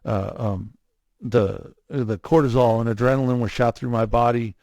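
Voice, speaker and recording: Gravelly man telling a lively story. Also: medium pitch, moderate pace, no room sound. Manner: animated, acts out others' lines in his story. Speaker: guest, cardiac arrest survivor. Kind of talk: storytelling in a casual interview.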